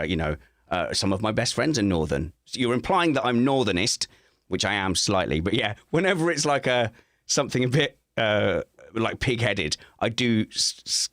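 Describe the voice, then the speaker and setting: Lively, self-mocking man with a low voice. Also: no echo, studio quality. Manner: animated and self-mocking, laughs often. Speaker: co-host of a livestream chat show. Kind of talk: casual chat. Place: at home.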